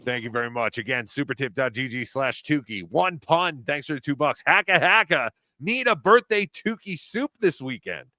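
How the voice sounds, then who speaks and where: Bright-voiced man hosting a live stream. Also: mid-range voice, moderate pace, few pauses, dry recording, clean studio sound. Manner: rambling, animated, swears freely. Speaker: host. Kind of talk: casual live-stream chat, reading tips.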